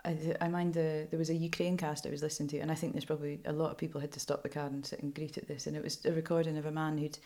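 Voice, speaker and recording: A Scottish woman journalist talking frankly in an interview, animated and laughing often. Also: deep voice, very fast, few pauses. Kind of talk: candid interview storytelling.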